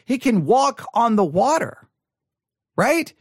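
Speaking slowly in a very high, husky voice with big pitch swings, a man leads a Bible study lesson, reading scripture aloud and talking it over conversationally. He frequently restarts sentences and repeats words, and he is mildly critical of typical sermons; the studio sound is clean and dry.

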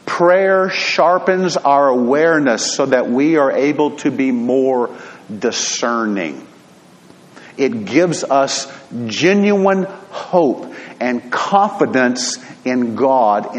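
A male preacher delivers a sermon at an unhurried pace, telling a story in an earnest, deliberate way. His mid-range voice carries a long reverb, as if spoken in a large hall. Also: mid-range voice.

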